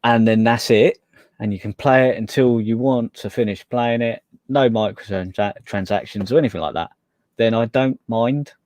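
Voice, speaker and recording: A man's voice: mid-range voice, normal speed, a little mellow, dry recording. A man co-hosting a gaming podcast, hesitant, often trailing off and restarting. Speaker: podcast co-host. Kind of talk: casual chat.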